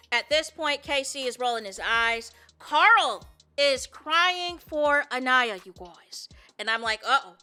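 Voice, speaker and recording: A woman hosting a podcast, recapping a reality show in an animated way and acting out what people said. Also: high-pitched, slow pace. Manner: animated storyteller, acts out quotes, often says "you know what I'm saying". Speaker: podcast host.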